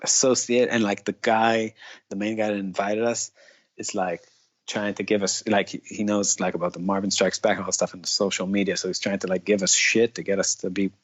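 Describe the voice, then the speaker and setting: Husky low-voiced man rambling casually. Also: level tone, brisk. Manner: rambling, leans heavily on "like". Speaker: guest musician. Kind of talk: casual storytelling. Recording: dull lo-fi sound.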